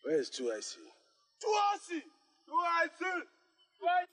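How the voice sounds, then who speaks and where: A man's voice: extremely high pitch, wildly swooping pitch, unhurried, pushed and bright, exaggerated voice. An actor with an African accent playing a harsh, domineering male warlord who barks orders at his troops. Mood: menacing. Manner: barking orders, drilling troops. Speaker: film character.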